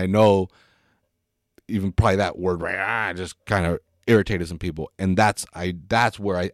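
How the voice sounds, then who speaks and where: A man's voice: on the low side, no room sound, clean studio sound. A Mexican American man talking frankly and casually, with lots of swearing and stumbling restarts. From United States. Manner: frank, profane, many restarts and repeated words. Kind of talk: casual opinion talk.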